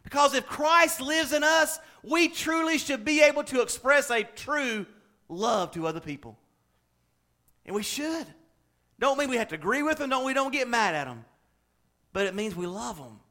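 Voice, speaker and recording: Man, pastor, folksy sermon, high bright voice. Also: normal speed. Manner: folksy, lively preaching with laughs and acted-out examples.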